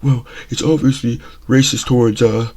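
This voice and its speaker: A man's voice: mid-range voice, fairly even intonation, normal speed, darkish tone. A man hosting his own talk show, giving blunt, opinionated commentary and often repeating himself with "okay?" and "you know?". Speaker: show host.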